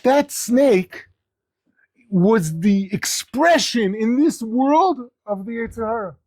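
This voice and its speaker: Man, yeshiva teacher, relaxed weekly-portion class, asks students questions, high voice, dry room. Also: slow, no room sound. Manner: conversational, quizzes listeners with questions. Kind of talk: casual Torah class to students.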